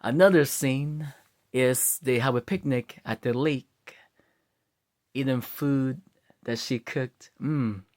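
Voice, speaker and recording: A man telling a story in a loose, casual way. He stays animated and acts out each scene as he goes, in a mid-pitched voice. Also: slow pace. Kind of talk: casual spoken story retelling.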